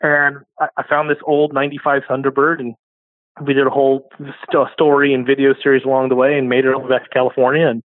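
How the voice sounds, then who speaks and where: A man's voice: mid-range voice, little pitch movement, fast, no room sound. A man talking casually as an interview guest, rambling a little and correcting himself as he goes. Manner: rambling, self-correcting, chuckles often. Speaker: podcast guest, automotive storyteller. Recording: tinny phone-line audio, dry.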